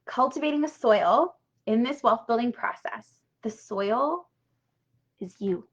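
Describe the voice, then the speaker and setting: A woman's voice: on the high side, expressive, a little slow, slightly rough. Chatty, swearing woman coaching live. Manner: chatty and emphatic, with frequent "right?" and casual swearing. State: tearful at times. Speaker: money coach hosting a live workshop. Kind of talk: casual live-stream teaching. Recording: dull lo-fi live-stream audio.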